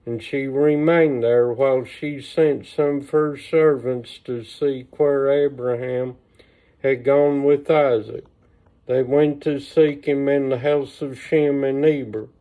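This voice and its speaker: A man reading an old religious text aloud on a livestream, slow and measured, with small asides, recorded on a phone. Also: mid-range voice, fairly even intonation. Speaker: reader. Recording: tinny phone-line sound.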